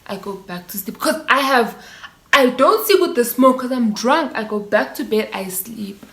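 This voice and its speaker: A woman's voice: on the high side, normal speed. Chatty South African woman, echoey room. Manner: animated storytelling with Zulu slang and mimicked voices. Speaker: vlogger. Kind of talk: casual storytime.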